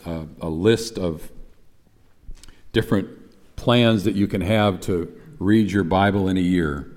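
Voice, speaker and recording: A man's voice: low-pitched, a little mellow, long reverb tail. A man preaching a sermon in a conversational way, at times reciting lines with emphasis. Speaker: pastor.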